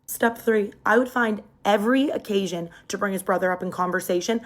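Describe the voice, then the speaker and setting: Young woman, casual storyteller, phone mic, lively delivery with pitch jumps. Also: fairly quick, hardly any pauses.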